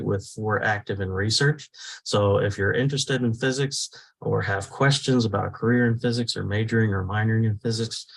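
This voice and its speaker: A physics professor giving welcome remarks at an online talk, pausing often with fillers. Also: male voice, lowish voice, vocal fry, poor audio. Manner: hesitant, many "uh" fillers.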